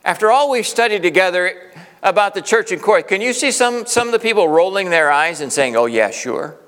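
A male pastor preaching a sermon, swinging from loud, emphatic peaks to hushed asides. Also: high voice, lively intonation, a little fast. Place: church sanctuary. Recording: reverberant church hall.

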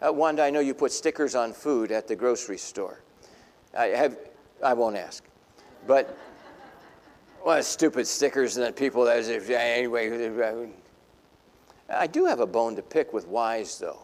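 A man preaching a sermon, telling a Bible story in lively fashion and acting out the people in it. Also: medium pitch, measured pace, pauses often, big-room sound. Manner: animated storytelling, voicing biblical figures. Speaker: pastor.

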